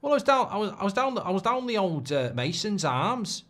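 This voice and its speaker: A man's voice: sits high, big pitch swings, a little fast, a bit bright, pitched above the performer's own voice. A man doing a put-on Liverpool accent as a hungover young lad complaining about last night's pints, in a slurred, laddish way. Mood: groggy laddish. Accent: put-on Liverpool (Scouse).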